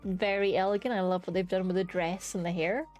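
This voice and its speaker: A woman's voice: on the low side, steady tone, fairly quick, darkish tone, faint music behind. A young woman streaming from home, chatting casually and enthusiastically as she ranks creatures, with casual swearing. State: hiccups. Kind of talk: casual live-stream commentary.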